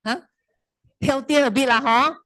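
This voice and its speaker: A middle-aged Malaysian woman talks to a seminar crowd in a chatty, teasing way, firing questions at them. Her voice sits a little high, and the sound is dry and close. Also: normal speed, pushed and bright, dry recording, rough recording. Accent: Malaysian English. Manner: chatty, teasing, quizzes the audience. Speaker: wellness presenter. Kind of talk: casual seminar talk.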